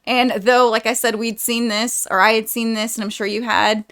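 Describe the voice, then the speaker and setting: A young woman with a somewhat high voice talks straight to her viewers in a casual vlog. She rambles, fills her sentences with "like," and sounds sincere and affectionate. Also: level tone, moderate pace, clear, resonant tone. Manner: rambling and chatty, says "like" often; warm and heartfelt toward viewers. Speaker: movie reaction vlogger.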